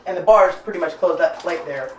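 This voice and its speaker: A woman hosting her own cooking show, chatting loosely with many filler pauses as she tells a story while she cooks in her kitchen. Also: lowish voice, far from the mic. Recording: roomy sound, voice off-mic, faint noise.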